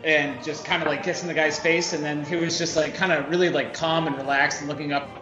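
A man playing a tabletop game, describing his character's moves in a relaxed way and laughing often. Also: on the high side, a little fast, few pauses. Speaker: player. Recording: echoey lo-fi sound with faint music.

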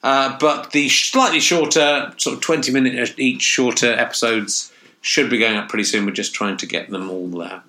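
A man's voice: mid-range voice, fairly even intonation, normal speed, bright, forceful tone. A man in his fifties casually reading a plug for his podcast and stand-up show, with a few fillers. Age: 50s. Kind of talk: spoken plug.

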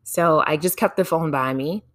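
Speaking at a normal pace in a low register, a woman tells her viewers a personal story in a casual, animated way. She laughs a lot and swears every so often.

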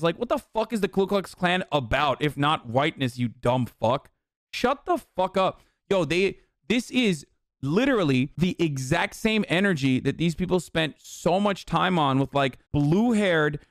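A man's voice: on the high side, no room sound, clean studio sound. A man giving heated, sarcastic political commentary, swearing constantly as he reacts to a clip.

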